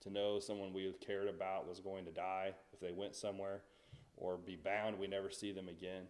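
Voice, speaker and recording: A man's voice: deep voice, flat delivery, moderate pace, a little mellow. A man teaching a Bible study in a church, talking conversationally and asking the class questions.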